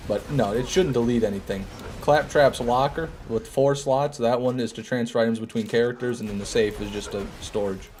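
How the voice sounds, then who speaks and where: A man's voice: medium pitch, fairly quick, darkish tone, slight background noise. A man streaming a game, chatting casually and joking while he answers viewers' chat. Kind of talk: casual gameplay commentary, reading chat.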